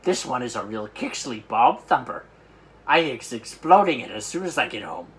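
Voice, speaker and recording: A man voicing a huge, excitable old giant who mangles his grammar and invents words, with loud outbursts. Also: medium pitch, normal speed. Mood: agitated.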